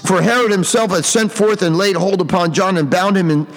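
A man delivers a sermon, his fairly high voice carrying through a hall with long reverb. He reads King James scripture aloud, then breaks off to drive the point home with emphatic commentary. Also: a little fast. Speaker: preacher.

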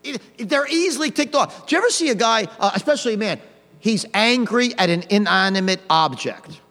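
Booming preacher in a reverberant hall. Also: male voice, lively intonation, fairly quick. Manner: swings from quiet to loud, mocking asides. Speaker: pastor. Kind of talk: old-fashioned hellfire sermon.

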